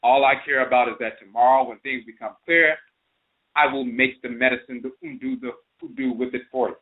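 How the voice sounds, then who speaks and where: A man doing a calm, crafty hare over the phone. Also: medium pitch, brisk, close to an everyday voice. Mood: insistent. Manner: calm, insistent. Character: patient, crafty male hare. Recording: phone-line internet radio.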